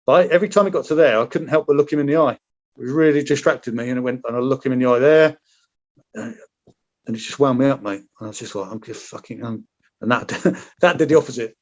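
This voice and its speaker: A man's voice: medium pitch, fast, highs cut off. A man, a former paratrooper, chatting frankly as a podcast guest, rambling and swearing freely. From Britain. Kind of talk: casual interview chat.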